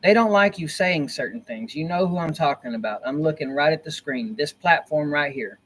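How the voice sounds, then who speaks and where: A man's voice: on the high side, expressive, normal speed, a bit bright, husky. Rambling man livestreaming from his laptop. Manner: rambling, repeats himself; earnest, conspiratorial. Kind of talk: casual livestream talk. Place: dim cozy corner of a room. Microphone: laptop built-in mic.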